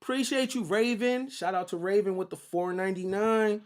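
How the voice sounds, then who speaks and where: A man's voice: high voice, lively intonation. A man hosting a casual livestream, lecturing his viewers with a preachy run of rhetorical questions and repeated "right?" checks. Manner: slow and deliberate. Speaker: livestream host.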